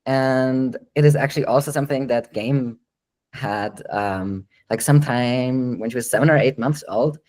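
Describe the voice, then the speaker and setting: A man's voice: medium pitch, moderate pace, darkish tone, rough recording. A man working as a dog trainer, answering listener questions in a live online Q&A. He explains at length in a chatty way, with frequent ums and light laughs.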